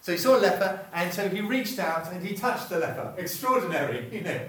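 A man's voice: high voice, lively intonation, fairly quick, fairly bright tone. A man preaching a sermon, chatty and often stopping himself mid-sentence to put questions to the congregation. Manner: chatty, self-interrupting, asks the room questions. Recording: echoey room, voice from far off.

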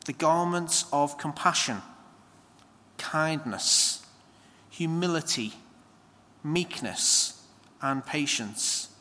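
Slow, bright-voiced preacher in a reverberant church. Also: male voice, fairly high pitch. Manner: slow, measured homily with reflective pauses. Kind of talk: sermon.

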